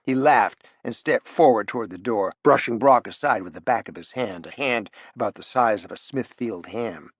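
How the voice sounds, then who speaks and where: A man's voice: lowish voice, moderate pace, hardly any pauses, slightly rough, dry recording, lo-fi sound. A man narrating a thriller audiobook with wry, punchy emphasis, close on the mic.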